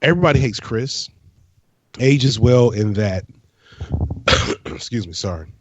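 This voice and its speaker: A man co-hosting a casual podcast chat, laying out his arguments in a measured way. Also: mid-range voice, lively intonation, slight background noise. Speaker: podcast co-host. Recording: dry, slightly dull.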